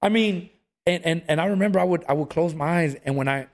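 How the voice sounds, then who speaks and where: Guy, animated storyteller, kinda high voice for a dude, loose and chatty. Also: fast talker. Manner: animated storyteller, acts out quotes, says "bro" a lot. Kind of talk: casual storytelling chat.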